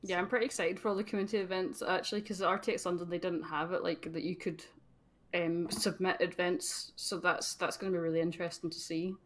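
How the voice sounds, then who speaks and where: A woman's voice: lowish voice, steady tone, fast. A woman with a Scottish accent, a podcast guest chatting casually and joking, laughing often. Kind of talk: casual chat.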